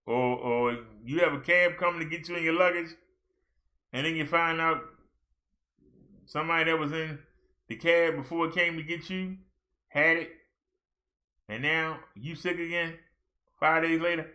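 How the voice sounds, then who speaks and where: A male minister in casual livestream chat, joking around and getting excited when he reads out numbers. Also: fairly high pitch, moderate pace, pauses often. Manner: chatty, jokey, excited when reading numbers.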